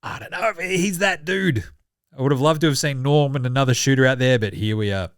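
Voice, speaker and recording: A man's voice: mid-range voice, fast talker, smooth, no room sound, studio quality. An Australian man hosting a basketball show, talking in a casual, sweary and sarcastic way, often mocking others in short impressions. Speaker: basketball podcast host. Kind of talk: casual sports commentary.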